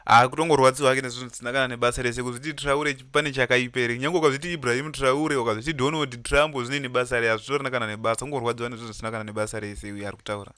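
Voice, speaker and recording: Fast, bright-voiced male news host. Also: mid-range voice, steady tone, smooth, no echo. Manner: fast, bright and forceful, mixes English into his talk. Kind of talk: casual news commentary.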